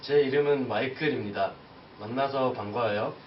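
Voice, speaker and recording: A man's voice: medium pitch, very fast, slight background noise, natural voice. A man voicing a polite young new student introducing himself in simple textbook phrasing. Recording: distant, muffled lo-fi audio.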